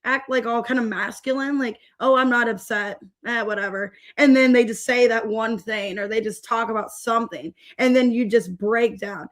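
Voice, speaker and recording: A woman's voice: a little high, fairly even intonation, moderate pace, few pauses. A young woman giving a casual, rambling tarot reading and greeting viewers by name as she goes. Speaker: tarot reader.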